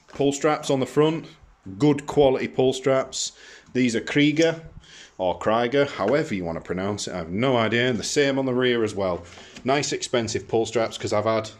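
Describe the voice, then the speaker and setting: A man with a fairly low voice walks through his bike setup and a navigation app in a plain, practical way. He talks informally, pausing on fillers and correcting himself as he goes. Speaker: motorcycle vlogger. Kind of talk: casual explanatory walkthrough.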